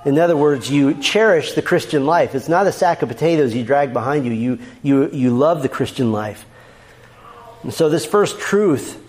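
A man with a high voice delivers a sermon from the pulpit. He preaches with steady emphasis, repeats each key point for weight and reads out scripture references one after another. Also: normal speed. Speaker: pastor.

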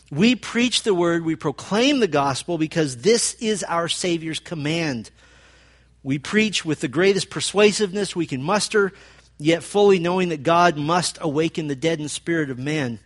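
Male pastor, sermon delivery, somewhat high-pitched, earnest and emphatic. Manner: earnest, rising to fervent emphasis when quoting.

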